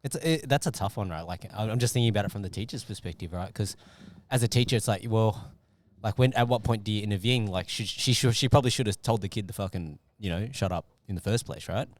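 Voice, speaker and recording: A man's voice: on the low side, quick pace, few pauses. A man hosting a podcast, chatting casually and thinking aloud with plenty of fillers. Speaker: podcast host. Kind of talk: casual interview chat.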